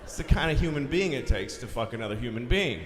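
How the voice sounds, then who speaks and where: This is a live theater recording, with audience noise and music underneath, of a Bostonian comic on stage in a big concert hall. He speaks quickly at a medium pitch with lively intonation, ranting bluntly, crudely and with exasperation.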